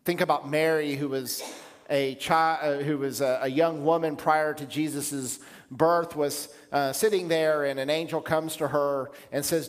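A man's voice: on the high side, fairly even intonation. Reflective male pastor in echoing hall. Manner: measured, reflective preaching with pauses. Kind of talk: sermon.

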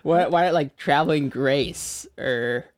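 A man's voice: a little high, slow, dry recording. Laid-back chatty man on a podcast. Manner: laughing, rambling with many fillers. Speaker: podcast co-host. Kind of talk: casual chat. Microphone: desk microphone.

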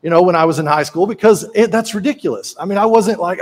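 A man delivers a sermon with a high, light voice. He preaches in a relaxed, folksy way, slipping into jokes and asides like he's chatting with the congregation. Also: fast. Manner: folksy, conversational preaching with joke-telling asides. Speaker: pastor.

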